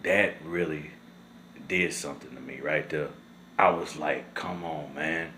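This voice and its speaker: A man's voice: sharp tone, slight background noise. A young man, talking to camera in casual, emotional commentary. He is upset and indignant and says "man" again and again. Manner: drawn-out and low when shaken, rises sharply when angry. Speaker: vlogger.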